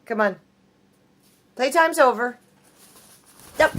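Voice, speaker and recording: A woman's voice: on the high side, animated, slow pace, long pauses, background noise. A woman at home filming her pets on a phone, talking playfully to her bird and laughing often. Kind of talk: casual chat to pets while filming.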